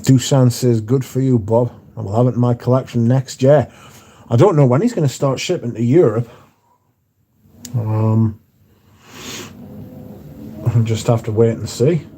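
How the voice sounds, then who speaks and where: A man's voice: mid-range voice, measured pace, pauses often, dark tone, husky. A man hosts a livestream from home, reading out viewers' chat and bantering back in a laid-back way with casual swearing. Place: indoors at home.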